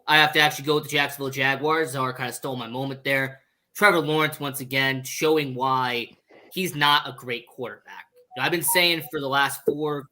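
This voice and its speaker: Bright-voiced man giving sports takes. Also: mid-range voice. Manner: confident, opinionated, measured. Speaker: podcast co-host. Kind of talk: casual sports analysis.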